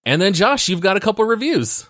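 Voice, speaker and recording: A man's voice: sits high, sing-song, brisk, fairly bright tone, dry recording. A man co-hosting a casual gaming podcast, wry and teasing, speaking into a close mic. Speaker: podcast co-host. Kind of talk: casual chat.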